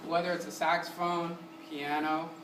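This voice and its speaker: A man's voice: a little high, normal speed. A man teaching a music lesson to a class, quizzing students and singing short syllables to demonstrate. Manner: energetic, keeps asking the class questions. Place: community center room. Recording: roomy, distant mic with room noise.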